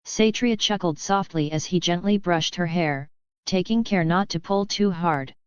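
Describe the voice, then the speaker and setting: A woman reading a web novel aloud as a narrator, in an even, gentle storytelling manner. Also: lowish voice, measured pace, clear, resonant tone, dry recording, dull audio. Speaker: audiobook narrator. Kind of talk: scripted narration.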